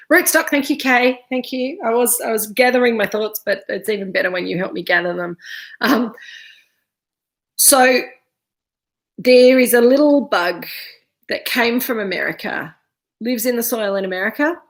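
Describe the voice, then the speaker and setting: A woman's voice: mid-range voice, vocal fry, fairly bright tone. Chatty woman hosting a video-call wine tasting. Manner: chatty, digressive, easily sidetracked. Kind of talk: casual live-streamed presentation.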